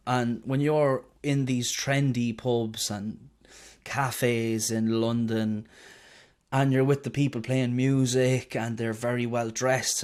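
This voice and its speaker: A young Irish man, a guest singer, chatting in an interview and telling stories with a loose, self-mocking way of talking. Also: medium pitch. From Ireland. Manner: chatty storyteller, swears and jokes about himself. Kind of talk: casual interview chat.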